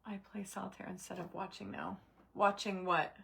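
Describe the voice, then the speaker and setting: A woman's voice: medium pitch, little pitch movement, moderate pace, gravelly, fairly bright tone. A middle-aged woman hosting a craft livestream, chatting with viewers by name while she works and muttering to herself as she concentrates. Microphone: camera mic at desk.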